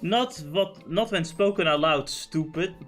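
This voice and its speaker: Brief: streamer, man, high voice, playful and irreverent, reading dialogue over faint music. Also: measured pace, a bit bright. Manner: playful, swearing asides. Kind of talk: game dialogue read-along with commentary.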